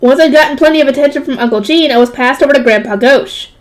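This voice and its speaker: A woman's voice: sits high, quick pace. A woman reading a light novel aloud, stopping often to add casual jokey comments. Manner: breaks off to comment and joke. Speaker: reader.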